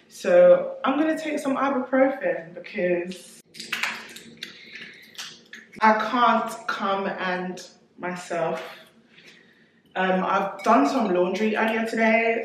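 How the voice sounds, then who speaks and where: A woman, chatting candidly to camera in a casual home vlog. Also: on the low side. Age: 20s. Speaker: vlogger. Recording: roomy echo, faint noise.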